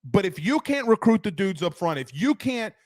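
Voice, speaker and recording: A man's voice: high voice, normal speed, dry recording, studio quality. A man hosting a casual sports podcast, ranting with rhetorical questions and reacting to the live chat. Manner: animated, rhetorical questions, reads chat aloud. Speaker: sports talk show host.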